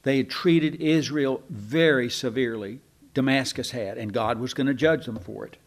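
A man's voice: medium pitch, normal speed. A man teaching a Bible class in a folksy, rambling way, with asides to his listeners.

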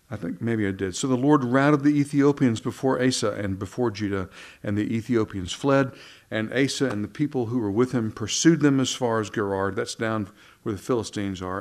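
A man preaching a sermon in a conversational, folksy way, with asides and quick restarts. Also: mid-range voice.

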